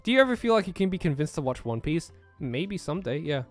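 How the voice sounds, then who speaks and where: A man's voice: on the high side, big pitch swings, fast talker, faint music behind. A man with an American accent, raised in Australia, chatting casually on a live stream, reading out chat questions and laughing often. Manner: laughs often, easygoing, trails off with fillers.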